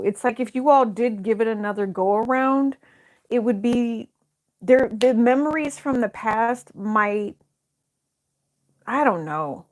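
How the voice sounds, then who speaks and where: Casual woman tarot reader at an ordinary mid pitch, thinking out loud and hedging as she turns cards. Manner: thinks aloud, hesitant, many fillers and restarts. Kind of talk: casual tarot reading to camera.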